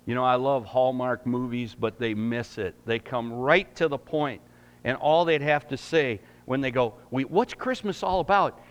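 A man preaching a sermon in a church, emphatic and rising loud, then praying in a hushed voice. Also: mid-range voice, steady tone, moderate pace, smooth. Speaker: pastor. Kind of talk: sermon and closing prayer. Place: church sanctuary.

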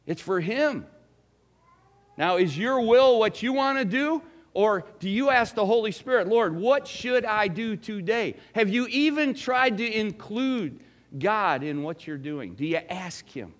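A man's voice: high voice, animated, a little slow. A middle-aged man preaching a sermon in a conversational, folksy way, asking the congregation questions. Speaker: pastor.

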